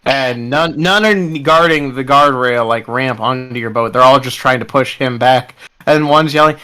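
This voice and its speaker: A man narrating a tabletop game as its game master, in casual, descriptive narration. His voice is bright and forward, with a smooth, clear tone. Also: mid-range voice, normal speed, few pauses, poor audio.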